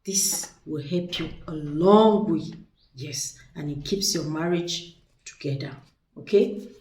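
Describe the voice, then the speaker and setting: Speaking slowly in a low, darkish voice, a woman walks through spiritual products in a casual showcase. Chatty and persuasive, she repeats words for emphasis, and the mic is distant in an echoey room.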